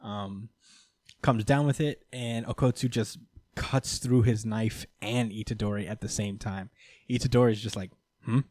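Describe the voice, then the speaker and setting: A man's voice: fairly low pitch, unhurried, dry recording. A man casually recapping a manga chapter for friends, acting out the characters' lines and swearing freely. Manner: animated storytelling, acts out characters' lines, swears. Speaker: podcast host recapping manga. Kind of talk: casual chat.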